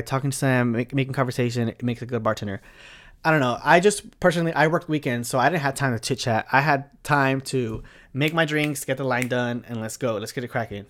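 A man's voice: medium pitch, fairly bright tone. A young man who works as a bartender gives advice in a casual monologue. He talks frankly and chattily, swears freely, and keeps adding asides.

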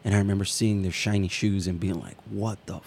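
Podcast co-host, male, lowish voice, loose and profane, rambling storyteller. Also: fairly even intonation, fast talker, darkish tone, a little hiss or hum. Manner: swears freely, rambling anecdotes, acts out quotes. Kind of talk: casual storytelling chat.

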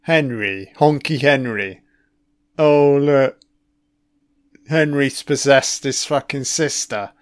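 A man's voice: mid-range voice, slow, long pauses, no room sound, studio quality. A man giving a casual first-watch film commentary, reacting with profane, sarcastic remarks.

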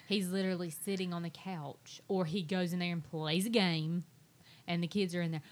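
Mom on a podcast, lively, does little voices for her kids, lowish pitch. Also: normal speed. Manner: lively, acts out quotes from her kids and husband. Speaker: podcast co-host. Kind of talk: casual chat.

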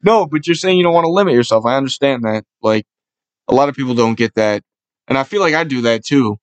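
A man's voice: medium pitch, expressive, fast talker, no echo. A young man from hosting a casual podcast chat, loose and profane, laughing often. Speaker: podcast host.

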